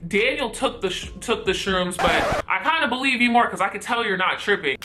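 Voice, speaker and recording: A woman's voice: medium pitch, expressive, brisk, music in the background, natural voice. Woman doing a laid-back young male roommate. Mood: subdued. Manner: laid-back, casual slang. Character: easygoing young male roommate, happy-go-lucky.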